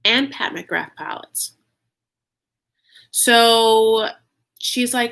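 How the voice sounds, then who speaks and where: A young man recapping a reality show in a campy, sassy, animated storytelling style, calling viewers "honey". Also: high voice, measured pace, clean tone. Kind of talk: casual comedic recap.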